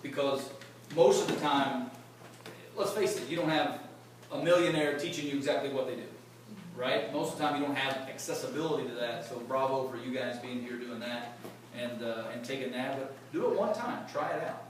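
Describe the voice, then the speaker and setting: A man's voice: medium pitch, a little fast. A man in sales leadership giving a casual, joking motivational talk to a live audience at a company event. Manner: chatty, joking, quizzes the crowd. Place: large echoey event room with an audience. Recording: echoey room, far mic, background noise.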